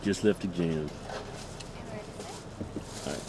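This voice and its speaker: A man's voice: low-pitched, slow. A man co-hosting, joking playfully and laughing easily while sitting in a car at a drive-thru. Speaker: co-host. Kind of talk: casual joking banter. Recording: car interior with road noise.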